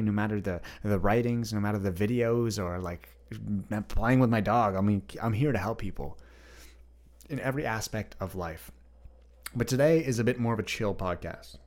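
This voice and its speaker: Man, young adult, fairly low voice, relaxed rambling podcast chat, talks to listeners directly. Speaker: podcast host. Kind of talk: unscripted solo podcast chat.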